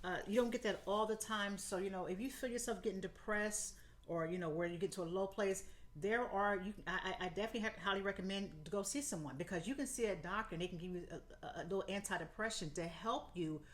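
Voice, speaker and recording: A woman in her fifties co-hosting a podcast, chatting candidly and encouragingly, laughing often and jumping high in pitch for quoted asides. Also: fast talker. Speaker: podcast co-host. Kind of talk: casual health chat.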